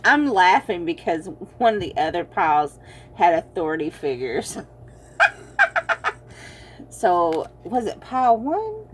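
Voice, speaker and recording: Casting: woman tarot reader, unhurried and teasing, with soft room noise behind her. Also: lowish voice, big pitch swings. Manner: chatty and teasing, laughs often, addresses viewers as y'all. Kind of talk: casual pick-a-card tarot reading.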